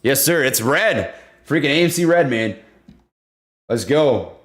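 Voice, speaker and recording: A man hosting a live stream about stocks, chatting casually and excitably with viewers and breaking down price charts. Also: medium pitch, unhurried. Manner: excitable, easygoing, laughs often, slangy. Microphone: desk condenser microphone.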